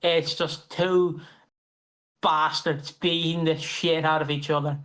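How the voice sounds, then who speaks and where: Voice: mid-range voice, flat delivery, slow, a bit bright. A co-host chatting casually about wrestling, swearing, laughing and humming theme songs. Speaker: podcast co-host. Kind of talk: casual wrestling podcast chat.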